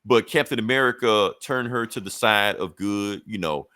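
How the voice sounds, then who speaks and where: Man, low-pitched, casual profane comic-recap host, dry close sound. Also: bright, forceful tone, smooth, dry recording. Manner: loose, profane storytelling with quick acted-out quotes. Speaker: comic book podcast host.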